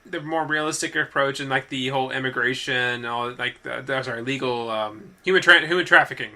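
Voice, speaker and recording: Young guy chatting about movies, super bright sharp voice, trips over his words a lot. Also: mid-range voice, brisk. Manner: rambling, self-correcting, laughs often. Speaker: podcast co-host. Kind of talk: casual movie chat.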